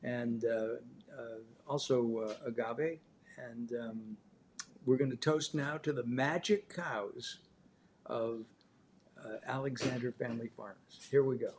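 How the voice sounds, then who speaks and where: A man hosting a live cooking show, chatting loosely with many filler pauses. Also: medium pitch, darkish tone, a little hiss or hum.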